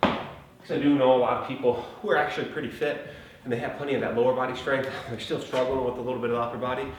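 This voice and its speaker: A man coaching a workout in a relaxed, chatty way. He is out of breath and huffing between phrases as he explains the exercise modifications. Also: medium pitch, fast. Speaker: fitness trainer. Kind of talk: casual workout instruction. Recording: very echoey room, mic at a distance, faint noise.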